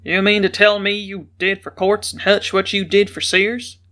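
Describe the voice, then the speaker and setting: A woman reading aloud, voicing a gruff, hulking older male ranch boss with a booming manner. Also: a little slow, a bit bright. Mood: eager.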